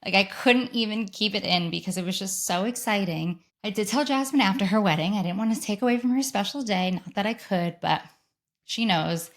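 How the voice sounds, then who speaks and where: A woman in her thirties hosting a solo podcast, telling a personal story in a chatty, excited way and acting out the voices of the people she quotes. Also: mid-range voice, brisk. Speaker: podcast host.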